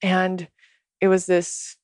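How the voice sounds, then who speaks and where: Woman guest, low-ish voice, earnest unhurried storyteller, dry close sound. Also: monotone, dry recording. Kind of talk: personal storytelling in conversation.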